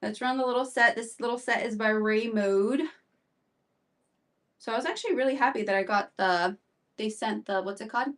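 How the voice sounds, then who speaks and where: A woman's voice: a little high, moderate pace, long pauses, far from the mic. Chatty woman selling clothes live. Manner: chatty, rambling, fillers and repeats. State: out of breath. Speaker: live shopping seller. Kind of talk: live-stream sales chat.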